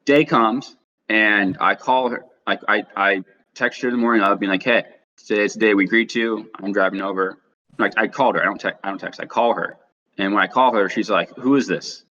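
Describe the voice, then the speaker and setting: Young male co-host, lowish voice, rambling storyteller, muffled lo-fi audio. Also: fairly even intonation, a little fast, bright, forceful tone. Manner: rambling anecdote with acted-out quotes. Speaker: podcast co-host. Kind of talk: casual chat, storytelling. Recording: dull lo-fi recording.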